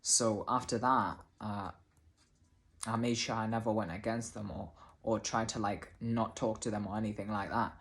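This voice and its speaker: A man telling a personal story casually to camera, halting often and restarting his sentences, with the odd swear word. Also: fairly low pitch, fairly even intonation, a bit bright. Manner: hesitant, many restarts and fillers, casual swearing. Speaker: vlogger.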